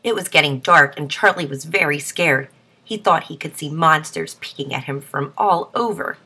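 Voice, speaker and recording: Bright breathy woman reading a children's story. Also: low-pitched, moderate pace.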